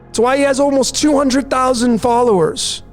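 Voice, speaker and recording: A man's voice: extremely high pitch, steady tone, normal speed. A man hosting a numerology talk, insistently walking through slides and repeating "folks" and "there it is". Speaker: numerology channel host. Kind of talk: conspiracy commentary over slides. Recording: faint music bed behind voice.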